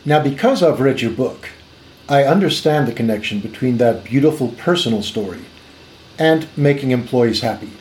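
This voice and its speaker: A man's voice: mid-range voice, expressive, moderate pace, a little mellow. A man hosting an interview, asking his guest a polite, inviting question. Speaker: host.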